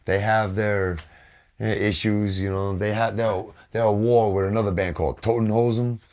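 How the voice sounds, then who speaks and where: A middle-aged man with a New York accent talks in a low, gravelly voice. He tells stories loosely and rambles, dropping curses and calling people "bro" and "man" as he goes, like a guest chatting on a podcast. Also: fairly even intonation, moderate pace, a little mellow. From United States. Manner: rambling, profane storytelling with frequent "bro" and "man". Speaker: podcast guest, band vocalist. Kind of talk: casual chat.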